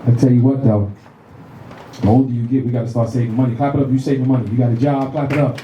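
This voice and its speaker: A middle-aged man doing stand-up comedy, telling animated profane stories and working the crowd on a club stage. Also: medium pitch, fast talker, lo-fi sound, noisy background. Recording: roomy club with audience laughter.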